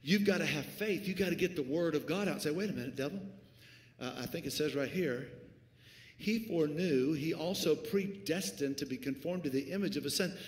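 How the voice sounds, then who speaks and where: A man preaching a sermon as pastor, swinging from hushed lines to shouts. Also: fairly high pitch, fairly quick. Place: church sanctuary. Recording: echoey church hall, faint ambience.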